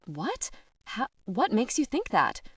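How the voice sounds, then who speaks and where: A woman's voice: a little high, wildly swooping pitch, takes it slowly, husky, no echo, far from the mic, pitched above the performer's own voice, full character voice. Woman doing a teasing southern teen guy, keeps pushing, dry sound a bit off mic. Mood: earnest. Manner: teasing and persistent.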